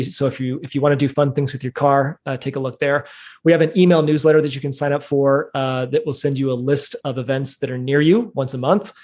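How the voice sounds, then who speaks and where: A man in his thirties, a podcast guest, talking in a thoughtful, measured way with plenty of fillers. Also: mid-range voice, darkish tone. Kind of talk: casual interview talk.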